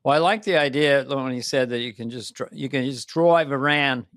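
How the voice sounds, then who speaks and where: An older man co-hosting a podcast in casual chat, rambling and animated, often slipping into little voices. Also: medium pitch, normal speed, no room sound, clean studio sound. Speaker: podcast co-host.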